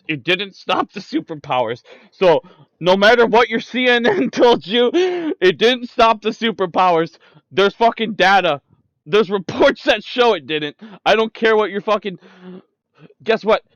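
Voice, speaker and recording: A young man with a high voice rants at his listeners, swearing hard and picking fights with every point. The sound is dull and dry, as if from a cheap mic held close. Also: fairly bright tone, no echo. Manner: profane, ranting, combative. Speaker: streamer. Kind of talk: political rant.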